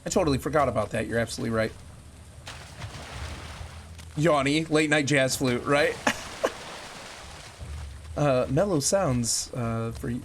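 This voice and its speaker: A medium-pitched man streams a game through a headset mic, chatting and joking with his viewers while he plays. Game music runs behind him, and there's a little background noise.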